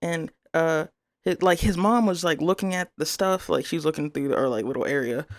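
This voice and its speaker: A young adult woman rambling through a profane, animated story from her workday in a casual vlog. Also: deep voice, fairly quick, no echo. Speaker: vlogger telling a story.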